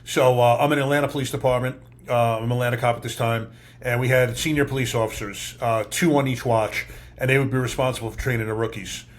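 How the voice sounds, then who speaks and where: A middle-aged man hosts a podcast and rattles off stories at a rapid clip. He swears freely and throws himself into each anecdote. His pitch sits in an ordinary middle range. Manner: fast, profane, animated storyteller. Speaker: podcast host, former police officer. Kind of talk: casual interview chat, animated anecdote.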